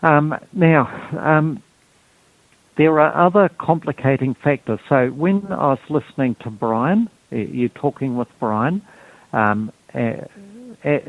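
A man talks through a health topic, pausing often with ums and restarting his sentences. He speaks slowly, and his voice comes through a narrow, tinny phone line with a dry sound. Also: fairly high pitch, animated, no room sound. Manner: halting, many ums and restarts. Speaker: health guest explaining detox. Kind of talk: explanatory talk.

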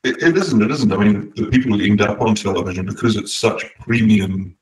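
A man hosting a discussion who speaks in a measured, reflective way. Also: on the low side, a little mellow, far from the mic, rough recording. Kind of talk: casual discussion.

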